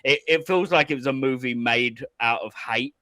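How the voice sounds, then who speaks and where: A man's voice: mid-range voice, moderate pace, sharp tone, dry recording. A man co-hosting a podcast, chatting casually, swearing and laughing a lot as he acts out quotes. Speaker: podcast co-host. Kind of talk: casual chat, movie review.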